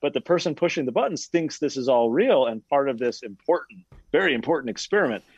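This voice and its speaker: Animated man telling a story, dry lo-fi sound. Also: medium pitch, fast, husky, dry recording. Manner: animated storyteller acting out quoted voices. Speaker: podcast co-host. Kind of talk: casual podcast discussion.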